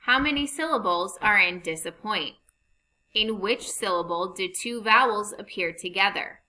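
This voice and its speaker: A woman teaching a phonics lesson over slides, reading rules and example sentences slowly and deliberately. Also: medium pitch, lively intonation, pushed and bright, rough recording.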